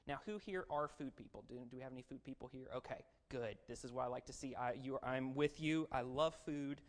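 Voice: medium pitch, brisk. A preacher giving a sermon in a conversational way, asking the audience questions and adding self-deprecating jokes. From raised as a Baptist missionary and pastor's kid.

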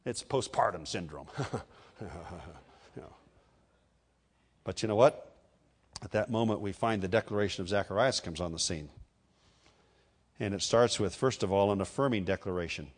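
A man preaching a sermon as a pastor, with sudden swells and drops in loudness and conversational asides to the congregation. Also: low-pitched, normal speed, long pauses, breathy edge.

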